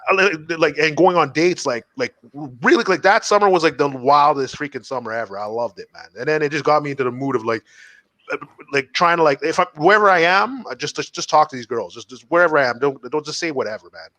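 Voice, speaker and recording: A man from Montreal on a comedy podcast, telling crude stories in an animated way and acting out the quotes. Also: fairly high pitch, fast, no room sound. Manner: animated storytelling, heavy swearing, acts out quotes. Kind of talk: casual podcast banter.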